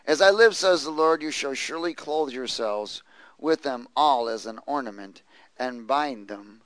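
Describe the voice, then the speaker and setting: A man with a fairly high, slightly bright voice delivers a sermon, reading scripture and posing call-and-response questions for the congregation to answer and repeat. The recording is rough, without echo.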